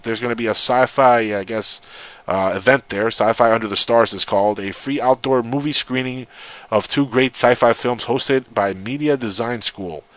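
A man's voice: medium pitch, moderate pace, no room sound. Sarcastic male radio host. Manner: sarcastic, reads news aloud with mocking asides. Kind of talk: casual joking radio chat.

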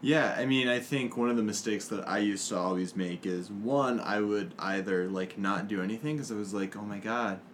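Casting: low-pitched male co-host, easygoing reflective chat, faint room noise. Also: normal speed, hardly any pauses. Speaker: podcast co-host, teacher. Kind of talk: casual chat.

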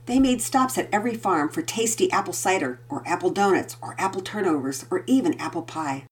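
A woman reads a children's story aloud in a lowish, breathy voice. Her delivery is gentle and expressive, with a lively, rising and falling melody. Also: a little fast. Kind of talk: storybook read-aloud narration.

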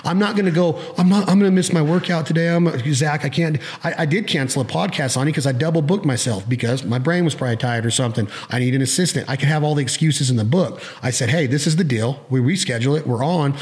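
A middle-aged man hosting a podcast, chatting casually, often acting out his own thoughts in quick quoted bursts and swearing casually. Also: mid-range voice. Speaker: podcast host.

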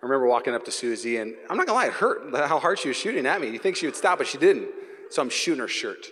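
A man's voice: medium pitch, very animated, racing, a bit bright. A man in his thirties preaching a live sermon to his congregation as pastor, telling comic stories with playful acted sound effects. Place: church sanctuary before a congregation. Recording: reverberant live church hall.

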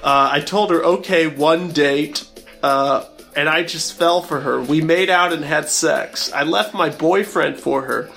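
A man co-hosting a comedy podcast, reading a listener's letter aloud in a deliberately flat, unsexy way and chatting casually. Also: on the high side, gravelly, soft background music.

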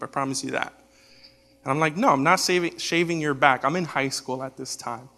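A young man telling a funny family story during a sermon, animated and comic, with sudden loud high shouts when he quotes people. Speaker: preacher.

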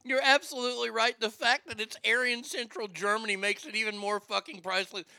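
A man's voice: sits high, fairly even intonation, brisk, creaky, sharp tone, clear, resonant tone, dry recording. A man hosting a comedic talk show, laughing often and stammering as he jokes crudely. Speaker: radio show host.

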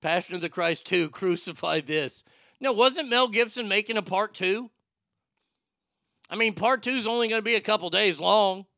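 A man's voice: high-pitched, normal speed, vocal fry, pushed and bright, no room sound, studio quality. A man hosting a talk show, riffing in casual, irreverent, joking banter.

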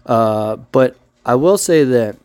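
A man's voice: medium pitch, animated, slow pace, a little mellow, no room sound. A man in casual podcast chat, musing loosely and thinking aloud.

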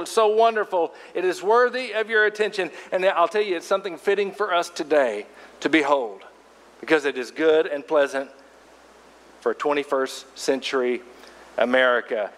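A man preaching a sermon, telling a story from his own travels with lively asides to the congregation. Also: a little high, long reverb tail. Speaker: pastor.

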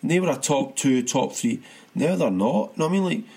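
Guy rambling on a footy podcast, husky, voice jumps all over. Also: fairly high pitch, moderate pace. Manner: rambling, animated, frequent restarts and laughs. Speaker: podcast co-host. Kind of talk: casual football chat.

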